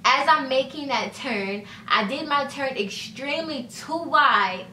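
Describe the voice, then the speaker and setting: A young woman tells a casual story to her camera, chatty and loose, dropping "like" every few words and acting out the other people's lines. Her voice is bright and a touch high. She sits a little away from the mic in an echoey room. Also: expressive, unhurried, hardly any pauses, far from the mic, a little hiss or hum. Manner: chatty, fillers of "like" and "you know", acts out quoted dialogue. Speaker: vlogger.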